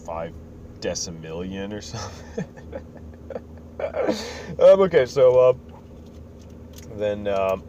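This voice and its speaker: A man's voice: on the low side, big pitch swings, takes it slowly, long pauses, warm tone. A man hosting a podcast, recapping a story casually with rambling, self-correcting asides, on a slightly dull recording with faint noise. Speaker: podcast host.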